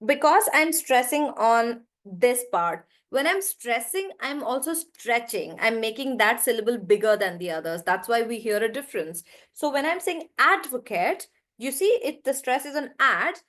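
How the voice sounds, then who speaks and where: Teaching English pronunciation online, this woman speaks at a moderate pace in a fairly high, animated voice. She patiently explains, draws out stressed syllables as examples, asks "right?", and names students to call on them.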